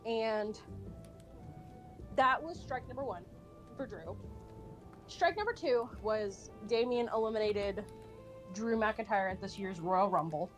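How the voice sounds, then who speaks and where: A woman's voice: medium pitch, animated, takes it slowly, long pauses, soft background music. A woman streamer chatting casually and animatedly, rambling with many fillers and restarts, and swearing now and then. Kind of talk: casual chat while drawing.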